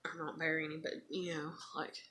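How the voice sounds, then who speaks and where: Rambling mother with a lowish voice. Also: little pitch movement, a little fast, sharp tone, slight background noise. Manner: rambling, frank, heavy use of "you know" and "like"; swears when frustrated. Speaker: mother sharing keepsakes on video. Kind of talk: casual personal vlog.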